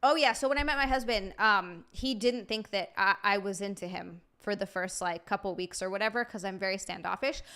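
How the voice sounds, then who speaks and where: A woman's voice: mid-range voice, fairly quick, few pauses, pushed and bright, smooth. A young woman hosting a live-streamed podcast, chatting casually with lots of fillers and giggles. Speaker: podcast host.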